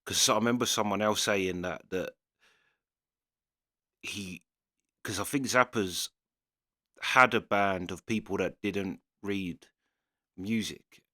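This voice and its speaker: A man's voice: low-pitched, slow, pauses often, bright, forceful tone, dry recording, studio quality. A man hosting a reaction video, musing casually and hesitantly with restarts. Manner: thinking aloud, hesitant, restarting sentences. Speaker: reaction channel host. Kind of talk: casual commentary.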